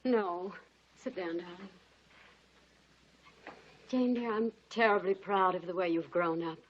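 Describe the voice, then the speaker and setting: Woman playing a calm, gentle middle-aged mother, measured delivery, dull vintage film soundtrack. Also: fairly low pitch, close to an everyday voice. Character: gentle, composed mother of two grown daughters. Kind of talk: 1940s studio film acting. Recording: dull 1940s film soundtrack with faint hiss.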